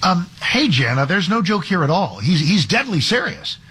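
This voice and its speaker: A man's voice: high-pitched, very animated, moderate pace, a bit bright, slightly rough. A man hosting a talk radio show as a fill-in, talking in a conversational, argumentative way with frequent restarts. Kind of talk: conservative talk radio commentary.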